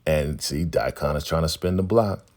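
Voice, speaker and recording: A man casually recapping a TV episode, retelling scenes by quickly acting out the characters' lines. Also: darkish tone. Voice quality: gravelly, husky low voice. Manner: retells scenes with quick quoted dialogue and laughs. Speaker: recap host.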